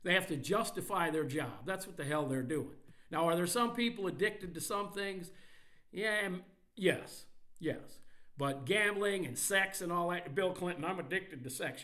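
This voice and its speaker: A man's voice: fairly high pitch, normal speed, sharp tone. A man hosting a podcast, ranting angrily and mockingly about sports with heavy profanity. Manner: angry, mocking, heavily profane. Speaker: podcast host.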